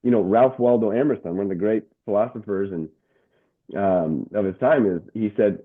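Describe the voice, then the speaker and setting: A middle-aged man, a motivational speaker and coach, telling his story as an interview guest, animated and restarting his words often. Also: fairly low pitch, moderate pace. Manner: animated, stumbling restarts and word repeats. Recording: tinny phone-like line.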